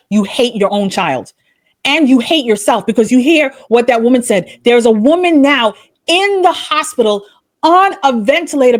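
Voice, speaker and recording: A woman hosting her own channel, delivering an impassioned, scolding opinion monologue full of rhetorical questions and religious language. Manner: swings between raised outbursts and low, quiet rebukes. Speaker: commentary channel host.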